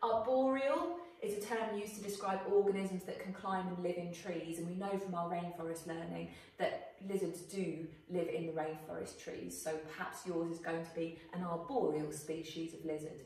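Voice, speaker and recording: A woman teacher explaining a writing task to her pupils in a clear, questioning way, recorded for a video lesson. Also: on the low side, fairly even intonation, moderate pace, few pauses, darkish tone, distant mic. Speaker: primary school teacher. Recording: echoey room, voice off-mic.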